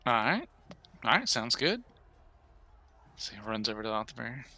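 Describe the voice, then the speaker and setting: A man narrating as game master of an online tabletop game, quick and chatty, laughing easily. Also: medium pitch, very animated, bright, forceful tone.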